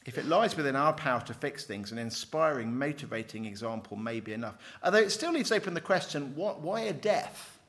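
A middle-aged man lecturing on theology from a handout, lively, with wry, self-deprecating asides. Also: mid-range voice, a little fast, hardly any pauses. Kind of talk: teaching with a handout.

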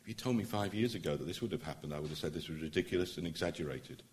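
A middle-aged barrister addresses a public meeting in a low voice, speaking very fast. His public speech is earnest and emphatic, building to forceful points.

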